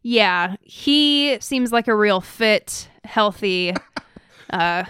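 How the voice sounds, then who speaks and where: A woman's voice: medium pitch, expressive, very slow, fairly bright tone, clear, resonant tone, no echo, clean studio sound. A woman co-hosting a casual podcast, easygoing and teasing. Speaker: podcast co-host.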